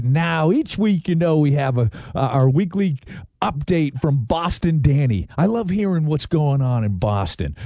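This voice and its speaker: A man's voice: on the high side, vocal fry, darkish tone, no echo. A man hosting the show, giving upbeat introductions to the next segment. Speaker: host. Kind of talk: casual radio-style hosting.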